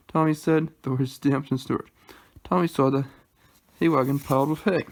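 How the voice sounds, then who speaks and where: A man reads a children's storybook aloud in a gravelly voice. His pitch sits in a middle range. He reads in a plain, unhurried way and halts now and then. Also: darkish tone. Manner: plain, unhurried, halting at times. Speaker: reader.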